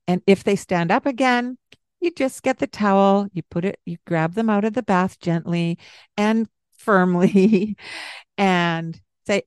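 A woman co-hosting a parenting podcast, talking in a calm, gentle way and explaining with examples. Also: medium pitch, unhurried, smooth, no room sound, clean studio sound. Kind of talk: casual podcast advice.

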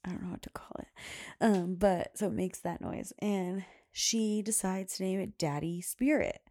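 A woman's voice: mid-range voice, normal speed, darkish tone. A woman hosting a podcast, telling a family story in casual, rambling chat, laughing often and filling gaps with "like.". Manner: chatty, laughs often, many "like" fillers. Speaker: podcast host, mother.

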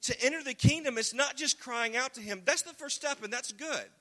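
A man preaching a casual, joking sermon, now and then shouting single words for emphasis. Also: very high voice, a little fast. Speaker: pastor. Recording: long hall reverb.

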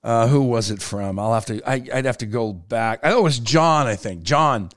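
A man hosting his own podcast, telling stories in a casual, animated way with quick swings in tone. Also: medium pitch, no echo, clean studio sound. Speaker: podcast host. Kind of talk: casual solo podcast talk.

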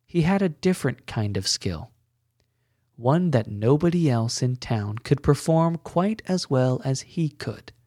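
A man hosting a podcast, narrating a story in a gentle, measured way. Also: mid-range voice, lively intonation, no room sound, studio quality. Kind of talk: scripted narration.

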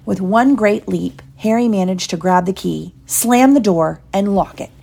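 A woman reading an audiobook in a steady, measured storytelling voice. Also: mid-range voice, gravelly. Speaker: audiobook reader. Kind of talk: audiobook narration.

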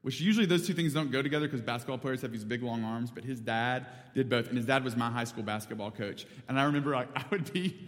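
A man from North Alabama preaching, telling a story in a casual, animated way with many fillers. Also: mid-range voice, fast, hardly any pauses, long reverb tail. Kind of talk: sermon storytelling.

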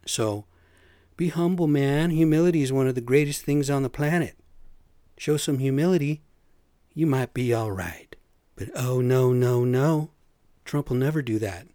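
A man's voice: mid-range voice, darkish tone, dry recording, clean studio sound. A man hosting a podcast, ranting casually with lots of "man" and "you know". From US Pacific Northwest. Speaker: podcast host; construction superintendent. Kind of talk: casual rant.

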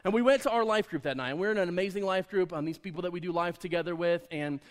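A man preaching a sermon as a personal story, acting out conversations with lively swings in his voice. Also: high-pitched, fast. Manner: animated storyteller, acts out dialogue. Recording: long hall reverb.

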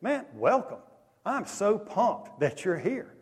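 Animated preacher in an echoing hall. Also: male voice, high voice, slow pace, husky. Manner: animated, conversational storytelling with lively swings in loudness. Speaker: pastor. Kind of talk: sermon. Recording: long echo of a large hall.

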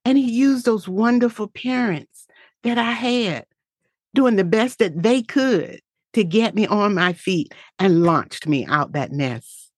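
A woman's voice: mid-range voice, lively intonation, slow pace, no echo, studio quality. A woman giving a heartfelt, faith-filled motivational talk in an earnest, reflective way.

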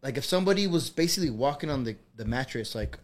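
A man's voice: mid-range voice, lively intonation, fast. A young man telling a personal ghost story on a podcast, rambling with lots of fillers and swearing. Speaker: podcast co-host. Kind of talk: casual storytelling.

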